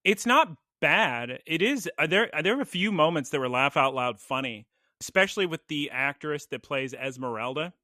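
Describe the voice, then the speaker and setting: A man co-hosting a podcast, chatting casually with quick jokes and asides. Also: a little high, dry recording, studio quality. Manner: animated, jokey, quick asides. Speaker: podcast co-host. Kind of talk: casual chat.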